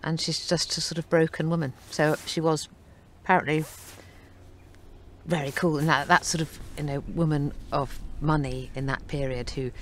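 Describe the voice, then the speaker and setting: A woman's voice: low-pitched, steady tone, normal speed, slight background noise. A woman speaking as an actress in a press interview about her film, chatty and good-humored. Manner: chatty and good-humored, often breaking into laughter.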